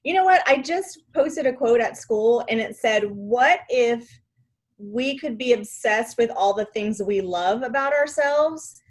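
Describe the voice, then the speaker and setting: A woman's voice: fairly high pitch, expressive, a little slow. A woman guest on a podcast, chatting in a bubbly way and laughing easily. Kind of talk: casual podcast chat.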